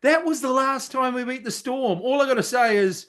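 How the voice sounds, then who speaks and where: A middle-aged man, co-hosting a casual sports podcast, talking excitably and swearing freely. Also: extremely high pitch, moderate pace, few pauses. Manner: excitable, loud, swears freely, mimics people. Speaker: podcast co-host.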